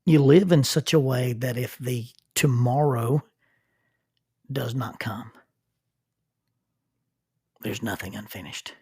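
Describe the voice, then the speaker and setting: A man in his sixties, a minister, hosting a reflective podcast in an earnest manner, dropping to soft near-whispers for emphasis. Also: medium pitch, takes it slowly, vocal fry, pauses often, breathy edge, no echo, studio quality.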